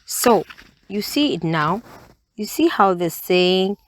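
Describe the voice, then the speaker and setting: A woman reads a children's bedtime story aloud, gentle and expressive, at a very slow, unhurried pace. Her voice sits slightly low, and the sound is dry and close. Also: no echo.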